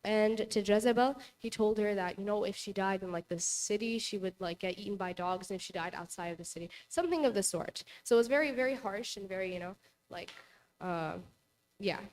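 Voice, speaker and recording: A woman's voice: mid-range voice, a little fast, darkish tone. A young woman presenting a casual Bible lesson to a youth group in a church hall, retelling the story in a chatty way full of "like" and "you know".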